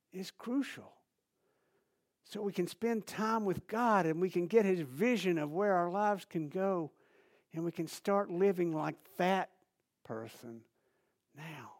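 A man preaching a sermon, animated and repetitive, building emphasis and dropping to soft asides. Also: high-pitched. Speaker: pastor.

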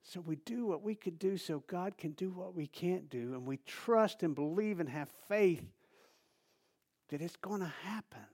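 A man preaching a sermon, animated and repetitive, building emphasis and dropping to soft asides. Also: fairly high pitch. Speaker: pastor.

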